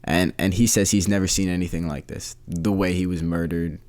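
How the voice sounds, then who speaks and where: His voice sits low, steady and a little mellow, moving slightly fast. Alone on his casual podcast, the host rambles on, repeating phrases as if he can't believe what he's describing.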